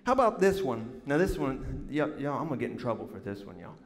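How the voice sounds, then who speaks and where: A man preaching a sermon, telling a funny story with lively emphasis and calling the congregation y'all. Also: medium pitch, brisk. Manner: animated, drawling, addresses congregation as y'all. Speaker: pastor. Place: large church sanctuary. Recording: long hall reverb.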